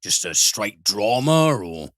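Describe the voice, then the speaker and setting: Brief: male co-host, very low bright voice, emphatic and enthusiastic. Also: big pitch swings, dry recording. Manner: enthusiastic, emphatic, with fillers and drawn-out stresses. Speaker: podcast co-host. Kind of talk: casual film chat.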